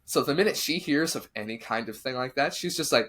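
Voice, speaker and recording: A man's voice: medium pitch, fairly quick. A man hosting a podcast, telling a spooky story in casual chat and acting out what the people in it said. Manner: animated, acts out quotes of the people in his story.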